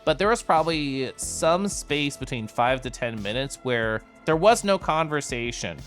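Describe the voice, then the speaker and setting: A young man chatting casually with viewers on a live stream, giggly and animated. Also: medium pitch, unhurried, faint music behind.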